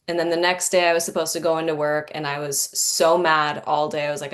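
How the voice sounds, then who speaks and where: Low-voiced woman, earnest podcast host. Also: flat delivery, brisk, hardly any pauses. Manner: earnest, candid, frequent "like" fillers. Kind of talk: reflective conversational storytelling.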